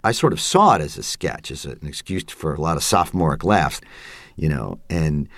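A man answering interview questions in the put-on voice of a generic 1970s baseball announcer, with a smooth, booming broadcaster delivery. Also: sing-song, normal speed, fairly bright tone, no echo, studio quality, full character voice. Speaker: guest.

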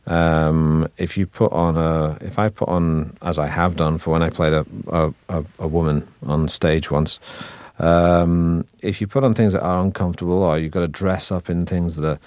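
A man with a Manchester accent talks through an interview as a guest actor. His voice sits very low, and he keeps a wry, self-deprecating tone while winding through thoughts with restarts. The sound is dry and close. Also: level tone, moderate pace, few pauses, a little mellow, no echo. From Manchester, northern England. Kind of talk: relaxed interview chat.

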